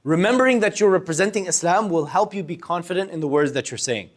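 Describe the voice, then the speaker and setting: A young man teaching a workshop on public speaking to a live group, animated and shifting his loudness and pace to demonstrate. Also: high voice, quick pace. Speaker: workshop instructor. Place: room with a live audience.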